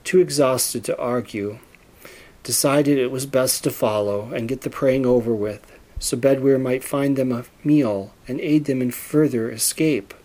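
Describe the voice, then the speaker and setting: A man narrating a storybook in a steady, measured reading voice. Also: mid-range voice.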